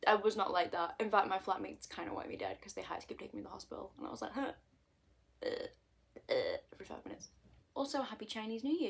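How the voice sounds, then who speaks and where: Talking fast in a lowish, expressive voice, a twenty-something British woman addresses the camera from her bedroom. She's a vlogger who hops from topic to topic, casual and self-deprecating.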